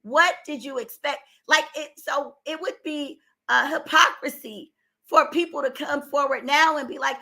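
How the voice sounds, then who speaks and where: A woman's voice: sits high, moderate pace, vocal fry, sharp tone. An older woman giving opinionated commentary, talking emphatically and with exasperation, her voice strained. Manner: emphatic, exasperated, rising to outbursts. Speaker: commentary vlogger.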